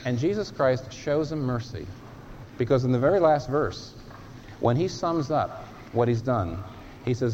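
Male preacher, mid-pitched, emphatic and lively, dramatic pauses, dull lo-fi sermon recording. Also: a little hiss or hum.

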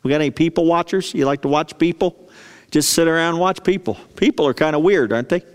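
A man's voice: fairly high pitch, fast, clear, resonant tone. A male pastor preaching a sermon in a chatty, storytelling way, often asking the congregation questions. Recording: long reverb of a large hall.

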